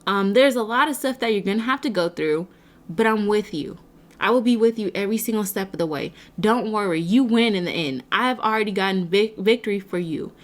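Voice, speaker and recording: A gentle, comforting God makes his promises in a calm, steady tone, as a woman voices him. The voice sits a touch lower than her usual talk and stays soft and unhurried. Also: close to an everyday voice. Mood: reassuring. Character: calm, reassuring male God speaking to a soul.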